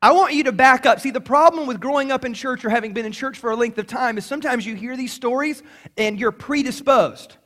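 A man preaching a sermon to a congregation, lively and conversational, acting out little voices as he tells the story. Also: very high-pitched, a little fast. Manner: animated, acts out voices in quotes. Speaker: pastor.

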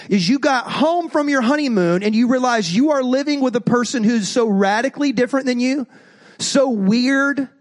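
A man preaches with a high, light voice. He is animated and conversational from the pulpit, now and then acting out the people he quotes. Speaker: pastor. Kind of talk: sermon.

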